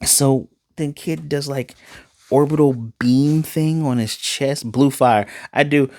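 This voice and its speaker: Animated man recapping an anime episode. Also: mid-range voice, slow, no echo, studio quality. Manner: animated, retells scenes with quoted lines. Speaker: anime reviewer.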